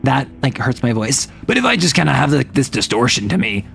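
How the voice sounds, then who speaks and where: A young adult non-binary streamer chatting casually and rambling, often sliding between higher and lower voice registers. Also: big pitch swings, brisk, a bit bright. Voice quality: some gravel in the voice. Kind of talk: casual live-stream chat.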